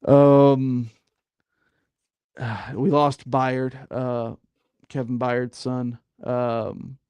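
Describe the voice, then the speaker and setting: A man's voice: medium pitch, flat delivery, drawn-out words, a little mellow, clean tone, dry recording, dull audio. A man hosting a casual sports talk podcast, rambling with lots of fillers and getting worked up. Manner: rambling, frequent fillers, gets fired up. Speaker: podcast host.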